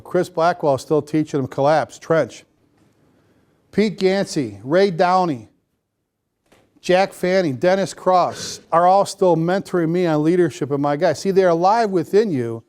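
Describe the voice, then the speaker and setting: A man speaking as a fire chief at a seminar, energetic and folksy, repeating phrases for emphasis. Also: fairly high pitch, moderate pace. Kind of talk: motivational seminar talk to firefighters. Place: seminar room before a live audience.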